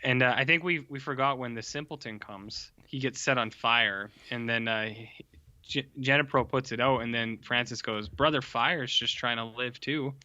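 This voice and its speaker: A man co-hosting a podcast, recapping a film's plot in casual chat with wry, deadpan asides. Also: medium pitch, moderate pace, no room sound. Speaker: podcast co-host. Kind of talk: casual film-review chat. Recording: dull, dry lo-fi sound.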